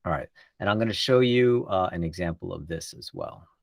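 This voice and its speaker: A man with a fairly low voice gives a casual, explanatory workshop talk, pausing often with fillers. The sound is dry and close, with no room echo. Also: gravelly. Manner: relaxed, explanatory, many fillers. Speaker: workshop presenter.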